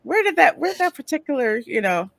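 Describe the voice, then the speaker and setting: A woman's voice: high voice, big pitch swings, fast, creaky, a bit bright, no room sound. A woman hosting a casual interview, enthusiastic and giggly, with rambling questions. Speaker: host.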